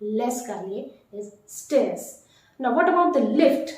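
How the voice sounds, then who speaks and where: A woman teaching a vocabulary lesson, repeating each word slowly and deliberately. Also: on the high side, animated. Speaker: French teacher. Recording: very echoey room.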